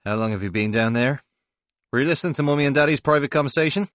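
A man's voice: mid-range voice, fast talker, fairly bright tone, no echo, pitched above the performer's own voice, close to an everyday voice. A man voicing a harried, blustering husband and father who talks brusquely and with mock-jovial exasperation. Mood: exasperated.

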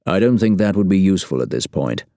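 A man doing a cold spymaster in a deep, dark voice. He talks tersely and measuredly, with long silences between his lines. The sound is dry and close. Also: sing-song, fast talker, dry recording. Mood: mild. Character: cold, terse male spy chief.

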